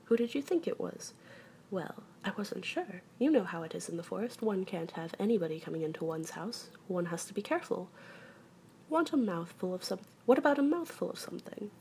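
A woman's voice: mid-range voice, big pitch swings, brisk, vocal fry, darkish tone, a little hiss or hum. A woman voicing a fussy, polite male rabbit who speaks primly and carefully in a storybook reading. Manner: fussy and prim.

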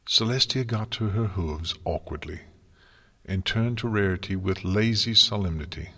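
A man reading a story aloud in a slow, measured narration style. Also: deep voice, pushed and bright. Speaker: audiobook narrator. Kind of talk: scripted fan fiction narration. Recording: long hall reverb.

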